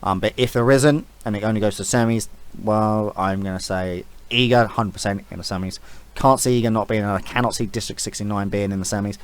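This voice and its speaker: A man's voice: on the low side, fairly even intonation, a little fast, smooth. A man giving a casual, rambling opinion rant as an esports vlogger, blunt and swearing freely.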